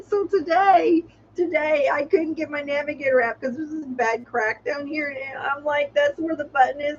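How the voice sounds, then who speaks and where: A woman hosting a casual livestream, high-pitched and very animated, her voice leaping up and down as she rambles and laughs. The stream audio is dull and lo-fi, with a faint hiss underneath. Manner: chatty, rambling, laughs often, exclaims. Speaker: channel host.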